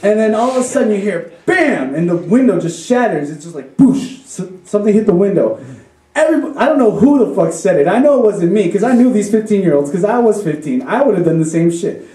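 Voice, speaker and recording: A man's voice: high-pitched, expressive, fast talker, warm tone. Rambling, profane young man telling a story. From Chicago. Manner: rambling, profane, laughing through his story. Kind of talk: live story slam telling. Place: live venue with an audience. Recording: roomy live recording from far off.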